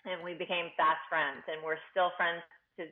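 A woman's voice: on the low side, level tone, moderate pace. A woman from Houston, Texas, telling a long, rambling story as a guest in a casual interview. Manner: rambling anecdotal telling with restarts. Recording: narrow phone-like sound.

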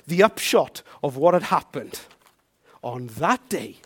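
A man delivering a storytelling sermon with a notably high, light voice. He swings between hushed, quick asides and loud, emphatic declarations. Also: big pitch swings. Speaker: preacher.

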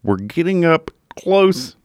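A man's voice: a little high, takes it slowly, no room sound, clean studio sound. A man co-hosting a podcast, telling a true-crime story in casual chat and sometimes swearing. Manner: animated, swearing, laughs at himself. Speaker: podcast co-host.

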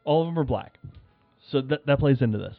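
A man's voice: medium pitch, fairly quick, no room sound, soft background music. Chatty man telling a story over a tinny phone line. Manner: rambling, animated, acts out his own shouts while telling a story. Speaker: podcast guest. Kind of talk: casual storytelling chat.

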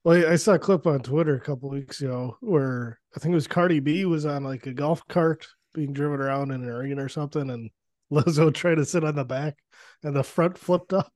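A man from the United States co-hosting a podcast, an animated and sarcastic storyteller. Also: on the high side, fairly quick, no room sound, clean studio sound. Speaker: podcast co-host. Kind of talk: casual chat.

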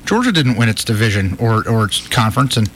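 A man's voice: fairly low pitch, very animated, brisk, a bit bright, rough recording. A man co-hosting a sports talk radio show, sarcastic and mock-indignant. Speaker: radio co-host. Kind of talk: casual talk radio banter.

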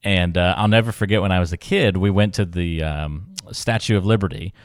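A man co-hosting a financial podcast, chatting casually and telling relaxed stories with easy laughs. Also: deep voice, fairly quick, dry recording, clean studio sound. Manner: relaxed storytelling, laughs easily. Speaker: podcast co-host.

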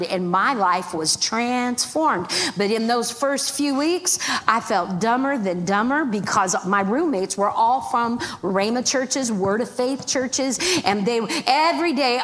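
A middle-aged woman, a guest minister, telling a lively storytelling sermon, acting out other people's voices and laughing often. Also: fairly high pitch, measured pace, hardly any pauses. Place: church sanctuary. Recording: reverberant church hall, faint background noise.

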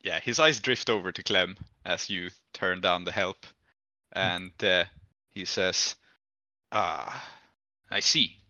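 A man narrating a tabletop game as game master, laughing often and voicing characters in slow quoted lines. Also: deep voice, fairly even intonation, sharp tone, no echo, muffled recording.

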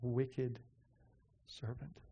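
A man voicing a stern male king who rebukes an unforgiving servant, spoken low and quietly as part of a sermon. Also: little pitch movement, very slow, breathy edge, full character voice.

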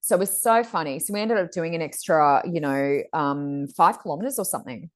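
A middle-aged woman co-hosting a podcast, telling stories in a chatty, animated way and acting out other people's lines. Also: deep voice, brisk, soft background music. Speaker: podcast co-host. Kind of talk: casual storytelling chat.

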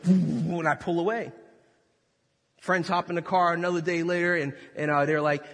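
A male pastor preaching a sermon, full of animated storytelling and acted-out voices. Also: on the high side, moderate pace. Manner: animated, jokey, acts out voices. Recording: long reverb of a large hall.

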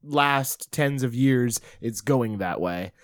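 A man of middle pitch whose voice rises and falls a lot as he explains and laughs along. The sound is dry and close, with no room around it. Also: expressive, slow pace, dry recording. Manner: rambling, laughs between lines. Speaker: podcast co-host. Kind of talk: casual chat.

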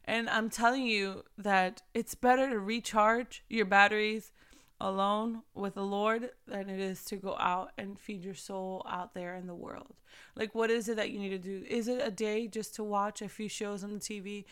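Thirties woman, podcast host, casual and animated faith talk, bright and forceful. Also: mid-range voice, moderate pace, clean tone. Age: 30s. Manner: animated, chatty, addresses listeners as sis.

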